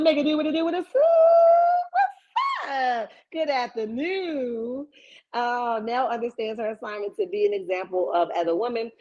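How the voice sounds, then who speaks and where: A woman hosts a casual live stream, reading chat comments and riffing on them with animated, preachy, sassy outbursts. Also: on the low side. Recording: dull lo-fi stream audio.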